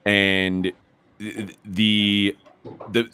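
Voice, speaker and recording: Low-voiced middle-aged man telling a story. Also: level tone, drawn-out words, sharp tone, clean tone. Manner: rambling, restarts often, gets heated. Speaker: podcast host. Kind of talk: casual storytelling.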